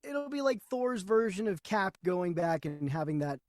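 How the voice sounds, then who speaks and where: A man's voice: high-pitched, sing-song, normal speed, a little mellow, no room sound, studio quality. A man co-hosting a casual movie review podcast, mostly chiming in with short agreeing remarks. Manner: agreeable, brief interjections. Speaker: podcast co-host.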